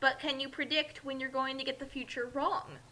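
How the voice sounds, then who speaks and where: A woman's voice: high-pitched, flat delivery, fairly quick, sharp tone, a little hiss or hum. A woman co-commenting on a fan story reading, dropping dry, teasing remarks. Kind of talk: casual comedic commentary.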